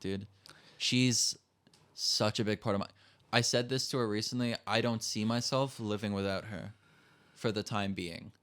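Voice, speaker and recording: A man's voice: lowish voice, fairly even intonation, normal speed, fairly bright tone. A teenage man, a podcast guest, telling candid, emotional stories in casual chat and swearing freely. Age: teens.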